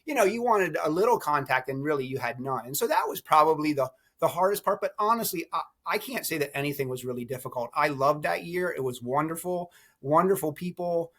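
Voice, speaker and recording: Animated storytelling man. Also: a little high, fairly quick. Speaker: podcast guest. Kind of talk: storytelling chat.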